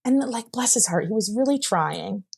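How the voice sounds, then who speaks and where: A woman's voice: mid-range voice, lively intonation, moderate pace, creaky, a little mellow, slightly rough. A young woman telling her own story in a casual, rambling way, leaning often on "like" and laughing as she talks. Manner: rambling, heavy use of "like", laughs while telling. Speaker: guest sharing her story.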